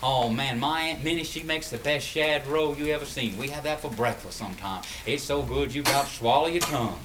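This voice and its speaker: A man's voice: medium pitch, fairly quick, fairly bright tone, close to an everyday voice. A man doing a homesick South Carolina country boy. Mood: wistful. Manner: folksy, rural, wistful. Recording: distant mic with clear noise.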